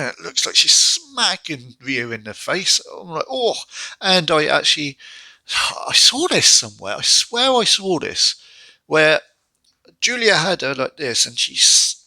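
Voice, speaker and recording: A man reviewing wrestling in a rambling, exasperated chat, sighing and jumping into high mocking voices. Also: bright, forceful tone, no echo. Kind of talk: casual solo review.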